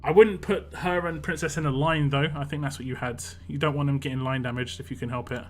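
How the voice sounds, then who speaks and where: A young man live-streaming a mobile game, chatting casually, greeting viewers by name and getting excitable over lucky rolls. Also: mid-range voice, quick pace, faint music behind. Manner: excitable when hoping for lucky results. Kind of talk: live-stream gameplay chat.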